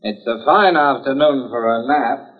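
An actor playing a smug, callous young English son with a jaunty, mocking manner, in 1940s radio acting. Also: male voice, medium pitch, measured pace, faint music behind, lightly acted. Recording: tinny 1940s radio broadcast.

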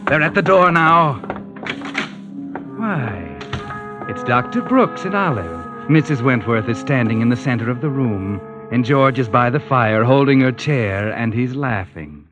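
Man narrator, suspenseful, 1940s radio drama, loud music behind. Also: mid-range voice, animated, a little slow, muffled recording. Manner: suspenseful, present-tense scene narration.

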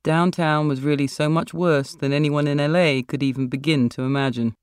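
An author reading their own short story aloud in a wry, measured storytelling voice. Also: medium pitch, fairly even intonation, clean tone, no room sound. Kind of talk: literary reading.

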